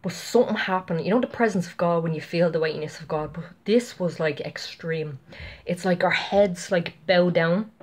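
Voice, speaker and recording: Woman, middle-aged, slightly low voice, casual rambling testimony vlog. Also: moderate pace. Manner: chatty, rambling, many fillers and asides to viewers. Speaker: Christian vlogger.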